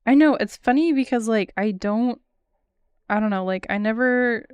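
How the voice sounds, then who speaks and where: A woman's voice: on the high side, normal speed, a little mellow, smooth, dry recording. Giggly young woman chatting on stream. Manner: chatty, giggly, thinks aloud with many fillers. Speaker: art streamer. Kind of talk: casual chat while drawing on stream.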